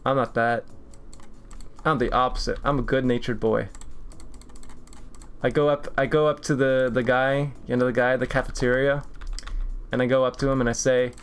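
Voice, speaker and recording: A man's voice: medium pitch, flat delivery, moderate pace, pauses often, clean tone. A man in his twenties, a streamer chatting casually while he draws, rambling through jokey tangents and laughing often. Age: 20s. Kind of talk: casual chat while drawing.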